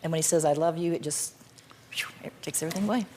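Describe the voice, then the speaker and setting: A woman's voice: deep voice, fast, mellow. An older woman, a guest on a talk show, who answers in a curt, defensive and insistent way. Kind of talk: studio interview.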